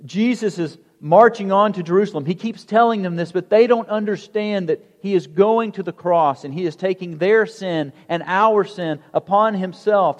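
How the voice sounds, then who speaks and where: A pastor preaching a sermon in a conversational way, asking the congregation rhetorical questions. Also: male voice, sits high, a little mellow. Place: church sanctuary. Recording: long church hall reverb.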